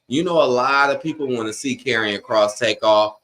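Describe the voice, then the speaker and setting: A man's voice: mid-range voice, moderate pace, fairly bright tone. Blunt, slangy man hosting a live stream. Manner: slangy, blunt and opinionated, talks straight to chat. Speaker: host of a live wrestling watch-along stream. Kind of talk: casual live-stream chat, reacting to a broadcast and reading viewer comments.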